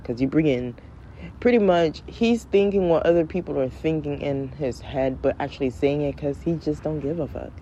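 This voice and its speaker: A woman in her thirties riffs in a loose, comic monologue, blunt and full of swearing, now and then squeaking out her kids' voices. Her tone sits low and dark. The sound is dull and lo-fi, with a faint hiss of noise underneath. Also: normal speed. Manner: blunt, profane, mimics her kids in high voices. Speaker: podcast host. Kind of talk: casual comedic monologue.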